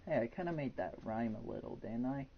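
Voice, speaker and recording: A man's voice: mid-range voice, expressive, fairly quick, dull audio, slight background noise. A man in his twenties chatting casually and frankly from his bedroom during a live game stream. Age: 20s. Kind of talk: casual rambling chat.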